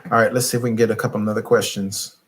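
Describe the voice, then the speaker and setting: A middle-aged man coaching on relationships in a late-night live stream, animated and preachy, scolding his viewers playfully and laughing often. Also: lowish voice, racing, breathy edge. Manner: fumbles with his phone while reading comments.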